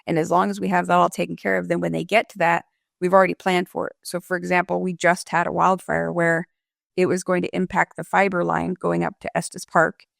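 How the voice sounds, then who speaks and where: A woman who directs emergency management, answering interview questions in a measured, explanatory way with worked examples. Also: fairly low pitch, level tone, creaky, no room sound, studio quality.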